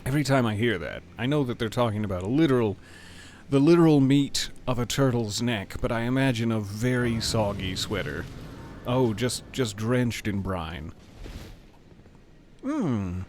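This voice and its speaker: A man's voice: mid-range voice, normal speed, a little mellow, a little hiss or hum. A man streaming a video game, talking casually and playfully to the game and his chat, sometimes reading item text aloud in a mock-dramatic way. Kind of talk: casual gameplay commentary.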